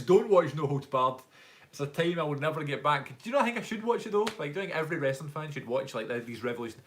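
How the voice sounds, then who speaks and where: A man's voice: medium pitch, a bit bright. Chatty Scottish man on a live stream. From Scotland. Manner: chatty and rambling, reading out viewer comments. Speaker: YouTuber hosting a live Q&A. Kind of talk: casual live-stream chat. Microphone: phone front camera.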